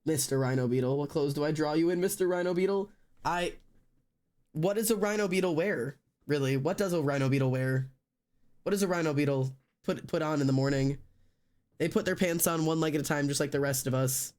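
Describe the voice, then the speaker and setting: Here a young man talks fairly quickly in a slightly high voice with a darkish tone. He's casually chatting with stream viewers from his home, rambling and restarting with many fillers.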